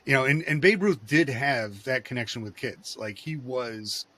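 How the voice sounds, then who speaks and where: Man, casual podcast chat, rambling, digressive, average pitch. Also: expressive, moderate pace, sharp tone.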